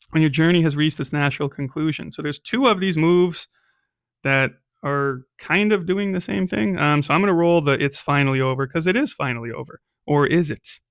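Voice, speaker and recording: A man's voice: on the high side, vocal fry, no echo, studio quality. A man casually narrating and playing a solo tabletop role-playing game, rambling a little with frequent ums.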